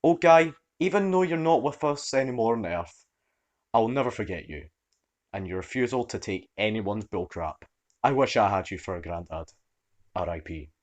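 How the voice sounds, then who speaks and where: Animated male story narrator. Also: fairly low pitch, normal speed. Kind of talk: scripted narration of online stories.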